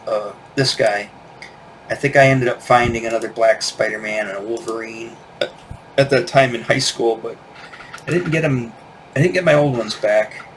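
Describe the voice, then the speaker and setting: A man's voice: mid-range voice, moderate pace, a little hiss or hum. A man in his forties, the host, telling rambling stories about childhood toys and often correcting himself as he goes. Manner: rambling, self-correcting storytelling. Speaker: toy collector host. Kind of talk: casual reminiscing vlog.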